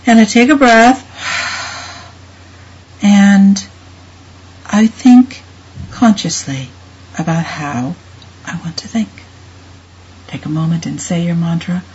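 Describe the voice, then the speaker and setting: A woman leading a guided reflection talk as a meditation teacher, speaking in a calm, measured and soothing way. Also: mid-range voice, husky. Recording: dull lo-fi recording.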